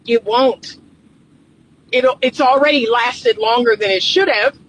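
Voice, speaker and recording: A woman's voice: on the high side, a little slow, slight background noise, poor audio. A woman relationship coach giving reaction commentary, emphatic and lecturing, repeating her points.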